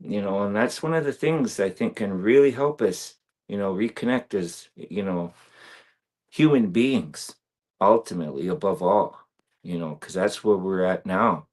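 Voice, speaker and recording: A man's voice: fairly low pitch, unhurried, darkish tone. A man talking earnestly and reflectively as a guest on a video-call interview, with many fillers. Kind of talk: casual interview talk.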